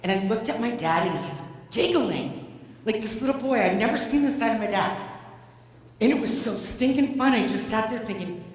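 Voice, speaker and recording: A woman giving a keynote speech, telling a personal story in an animated, conversational way. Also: fairly high pitch, moderate pace. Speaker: keynote speaker. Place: large event hall. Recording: echoey hall from far off.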